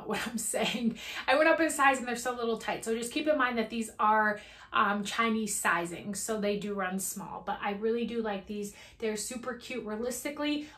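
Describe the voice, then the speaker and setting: Excitable giggly lady reviewing stuff, kinda high voice, a bit breathless, echoey room sound. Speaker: fashion vlogger. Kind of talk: casual product review.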